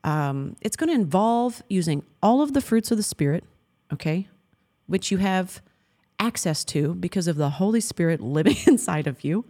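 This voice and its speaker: A woman in her thirties co-hosts a Christian marriage talk, earnest and affectionate, laughing often and quoting scripture. Her fairly low voice is animated and warm at a normal speed. It's a heartfelt, faith-based chat.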